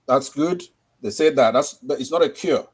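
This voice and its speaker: A man's voice: medium pitch, moderate pace, husky. A man speaks emphatically on a call-in line. He drives his points home and caps them with rhetorical tag questions. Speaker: caller. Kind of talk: call-in commentary.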